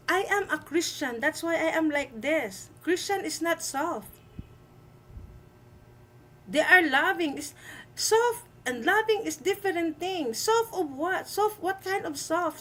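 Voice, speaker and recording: Woman host, high voice, slow emphatic delivery, light noise behind. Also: fairly bright tone, rough recording. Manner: emphatic, repeats herself, halting with fillers. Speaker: livestream host. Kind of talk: live-stream commentary.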